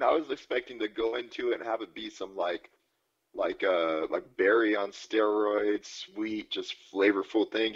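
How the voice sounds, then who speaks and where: A man's voice: fairly low pitch, fairly even intonation, moderate pace, husky, highs cut off. A man co-hosting a podcast in rambling, profane casual chat, laughing often. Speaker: podcast co-host.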